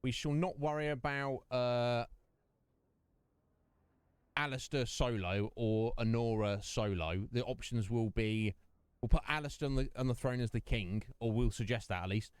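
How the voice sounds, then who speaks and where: Chatty male streamer, smooth dry voice. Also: medium pitch, steady tone, normal speed, no room sound. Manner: chatty, rambling, joking with chat. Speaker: streamer and host. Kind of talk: casual livestream chat over gameplay.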